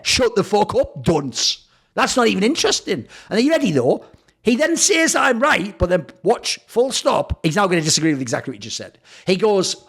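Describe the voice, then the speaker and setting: A man's voice: high voice, fairly bright tone, slightly rough. A man hosting a show, ranting in a sarcastic, profane, mocking commentary. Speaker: esports commentator and show host.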